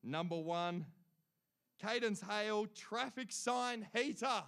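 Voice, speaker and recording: A man's voice: sits high, slow, a bit bright, clean tone. A man announcing award winners at a live ceremony, cheering them on and adding chatty asides between names.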